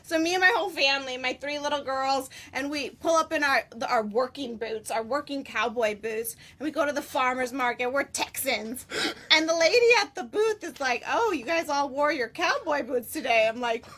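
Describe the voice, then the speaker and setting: A woman in her forties chatting as an interview guest, bubbly and quick to laugh. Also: sits high, fairly bright tone. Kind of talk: casual interview chat.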